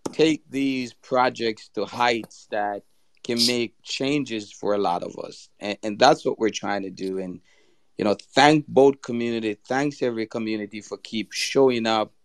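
Man with a low voice, encouraging and jokey, dry close sound. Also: dry recording. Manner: encouraging, joking. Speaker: community member. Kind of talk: casual encouragement.

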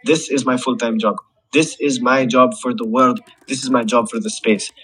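A man's voice: medium pitch, normal speed, fairly bright tone, a little hiss or hum, rough recording. A man with a non-native accent of English, hyping a crypto project on a livestream with pumped-up, repetitive slogans, swearing and chuckles. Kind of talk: hype livestream pitch to token holders.

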